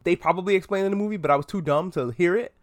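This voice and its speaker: Animated, profane male podcast host. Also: high voice, very fast. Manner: animated, profane, self-mocking. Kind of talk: comedic pop-culture podcast monologue.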